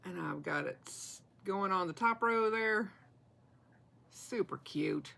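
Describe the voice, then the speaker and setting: A woman's voice: medium pitch, takes it slowly, creaky, pushed and bright, rough recording. A woman, chatting casually and self-deprecatingly as she shows her cross-stitch projects, laughing often. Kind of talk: casual show-and-tell chat.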